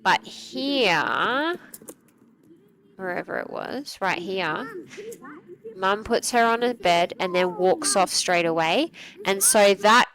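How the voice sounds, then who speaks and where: A woman's voice: medium pitch, lively intonation, slow, pauses often, a bit bright, low-quality recording. A woman dog trainer giving a conversational commentary on a training video, explaining things through acted-out examples.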